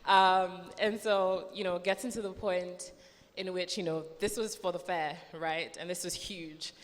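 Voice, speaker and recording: A woman's voice: fairly low pitch, steady tone, unhurried, in a large hall. A woman moderating a festival panel conversation, asking questions in a chatty, searching way. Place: festival hall.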